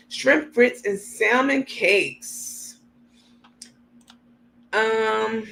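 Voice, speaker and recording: A woman from New York City hosting a casual livestream. She chats and reads out viewer comments in a relaxed, frank way, laughing easily and using many ums. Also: mid-range voice, vocal fry, a little hiss or hum. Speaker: livestream host.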